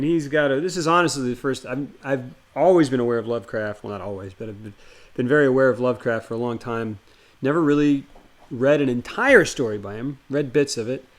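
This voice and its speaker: Male streamer, casual and rambling, filler-heavy chat, then story reading; average pitch. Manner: chatty and rambling, greets viewers by name, many fillers. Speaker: live streamer.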